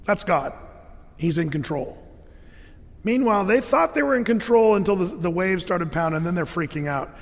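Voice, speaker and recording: High-voiced preacher man in echoing hall. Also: moderate pace. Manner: lively storytelling with sound effects and voiced quotes. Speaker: pastor. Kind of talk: sermon.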